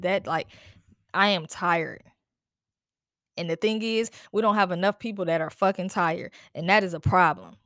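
This podcast host, a mother, delivers a heated solo rant at a moderate pace, her low-ish voice fairly bright in tone. Fed up, worn out and upset, she swears and asks her questions over and over; the studio sound is dry and clean.

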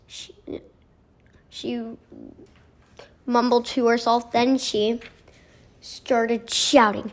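Woman reading a kids' book aloud, high voice, slow and careful, little stumbles. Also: flat delivery.

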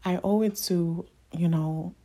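A young woman hosts a solo podcast in a low, dark voice, keeping her tone steady and her pace unhurried. Her heartfelt monologue is earnest, emotional and encouraging, and she often repeats her points.

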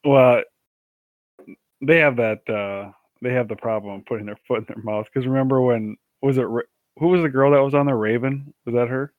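A man's voice: mid-range voice, fairly even intonation, moderate pace, no room sound. A man joining a casual political chat, cracking jokes and laughing at his own remarks. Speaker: podcast co-host. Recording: dry tinny phone-like line.

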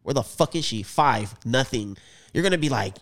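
A man's voice: mid-range voice, normal speed. A man co-hosting a podcast, telling stories in casual slang and acting out what people said. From Filipino family. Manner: animated slangy storyteller, acts out quotes. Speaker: podcast co-host. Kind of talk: casual chat, storytelling.

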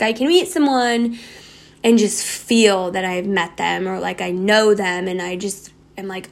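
A woman's voice: medium pitch, gravelly. A young woman in a casual, reflective monologue, rambling with lots of filler words. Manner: rambling, heavy use of "like" fillers.

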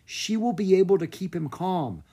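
A narrator voicing a quick-thinking young girl adventurer in a children's storybook, brisk and confident. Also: mid-range voice, lively intonation, dark tone, husky, pitched above the performer's own voice.

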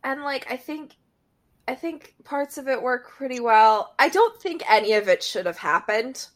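A woman's voice: high voice, expressive, normal speed. A woman co-hosting a podcast, chatting casually about an episode with hesitant, filler-heavy speech and some laughter. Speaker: podcast co-host. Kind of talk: casual recap chat.

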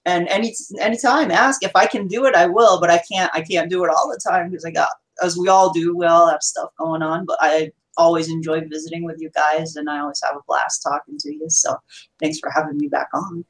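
A woman's voice: on the low side, fairly even intonation, brisk, rough recording. A woman guest on a podcast, chatting casually with plenty of fillers and restarts. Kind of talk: casual chat.

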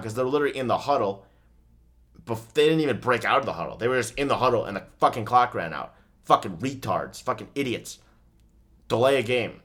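A man talking casually about football as he watches a game, ranting and swearing and swinging between excitement and flat disappointment. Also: mid-range voice. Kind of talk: casual sports chat.

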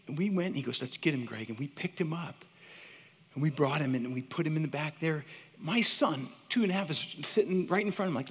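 A man preaching a sermon, shifting from loud cries to hushed whispers, with a slightly husky voice, recorded in a large hall. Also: fairly high pitch. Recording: long hall reverb.

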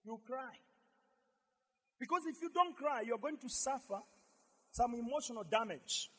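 A man preaching a sermon as pastor, emphatic and repetitive, swinging from shouts to quiet asides. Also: extremely high pitch, expressive, measured pace, pauses often, slightly rough, in a large hall.

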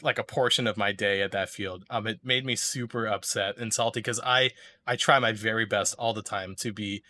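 A man's voice: on the low side, steady tone, normal speed, pushed and bright. A man telling a story in casual chat, rambling with lots of fillers and restarts.

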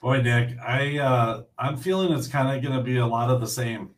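A man's voice: mid-range voice, moderate pace, far from the mic. A man hosting a casual chat, easygoing and thinking aloud between questions. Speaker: host.

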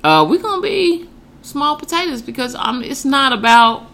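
Animated, slangy woman co-host. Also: high-pitched, normal speed, vocal fry. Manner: laid-back, slangy, laughs often. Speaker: podcast co-host. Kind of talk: casual chat.

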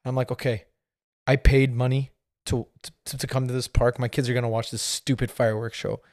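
A man's voice: mid-range voice, level tone, a little fast, darkish tone, no room sound, studio quality. A man in his thirties hosting a podcast, telling a rambling story with lots of fillers and laughing as he goes. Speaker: podcast host. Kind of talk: casual storytelling.

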